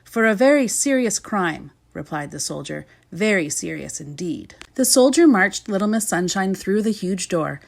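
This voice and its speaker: A woman reads a children's storybook aloud at a middle pitch, her voice rising and falling in a lively, sing-song lilt. The delivery is expressive and measured. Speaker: storybook reader.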